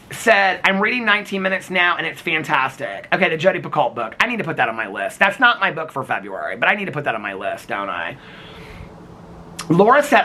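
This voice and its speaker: Bright and pushed, with a pitch a little on the high side, a man chats casually on his vlog. He reads viewers' comments out loud, teases each commenter by name, and keeps a gossipy manner, addressing people as honey and sweetheart.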